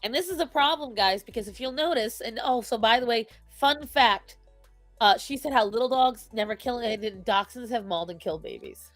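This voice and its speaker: Higher-voiced woman ranting about pets, emphatic, acts out what people say, dry close mic, faint music under. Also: a little fast, dry recording. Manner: emphatic, opinionated, acts out quotes. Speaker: podcast co-host. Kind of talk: casual chat on pet behavior.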